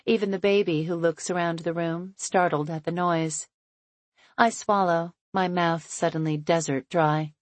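A woman reads a first-person novel aloud as an audiobook. She keeps a measured, tense delivery in a fairly low voice. The recording is close and completely dry. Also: darkish tone, dry recording. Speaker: audiobook narrator.

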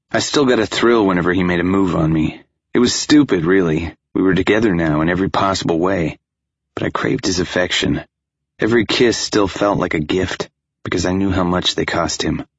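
A man narrating a first-person audiobook in a steady, intimate storytelling manner. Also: sits low, normal speed, slightly rough, no room sound, lo-fi sound.

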